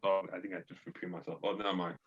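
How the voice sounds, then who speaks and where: A man's voice: sits low, flat delivery, rapid-fire, dull audio, background noise. A man playing a tabletop game, chatting casually in a hesitant, rambling way.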